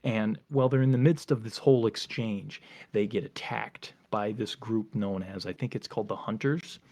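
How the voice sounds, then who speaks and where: A male podcast co-host casually retelling a story in animated chat, with frequent filler words. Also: on the low side, normal speed.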